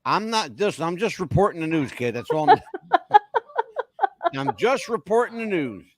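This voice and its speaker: A man co-hosts a casual podcast, his slightly high voice swinging widely in pitch as he jokes. He talks emphatically and keeps swearing he isn't making things up. The sound is close and dry. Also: sing-song, normal speed, no echo. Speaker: podcast co-host. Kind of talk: casual chat.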